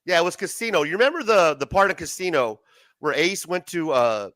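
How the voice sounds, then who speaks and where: A man's voice: on the high side, lively intonation, a little fast, a bit bright, no room sound. A man hosting a casual late-night livestream, swearing a lot and laughing often. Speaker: livestream host.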